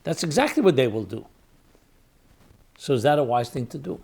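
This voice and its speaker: A man's voice: medium pitch, big pitch swings, normal speed, creaky, a little mellow, breathy edge. A man, a rabbi and podcast host, gives an emphatic spoken lecture, repeating key words for stress and asking rhetorical questions. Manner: weighs arguments aloud, asking rhetorical questions.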